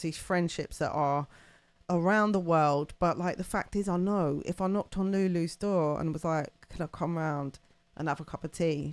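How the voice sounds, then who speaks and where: A woman's voice: on the low side, darkish tone, smooth, no echo. A woman hosting a live stream, chatting casually and rambling with lots of fillers and laughter. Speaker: livestream host.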